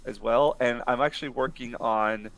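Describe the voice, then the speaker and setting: Man, casual chat, halting restarts, video-call mic. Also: mid-range voice, creaky, fairly bright tone, a little hiss or hum. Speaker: live-stream art host.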